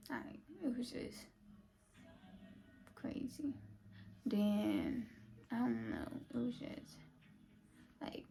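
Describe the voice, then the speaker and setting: Young woman vlogger, casual storytime, raspy fry-heavy voice, swings up and down a lot, half-whispers asides. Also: on the high side, huge pitch swings, very slow, pauses often, warm tone. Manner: chatty, filler-heavy, often drops to a half-whisper.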